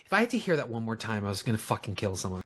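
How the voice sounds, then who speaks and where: A man co-hosting a casual film review, animated and swearing often, acting out lines from the movie in mocking voices. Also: on the low side, racing, breathy edge. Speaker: podcast co-host reviewing films.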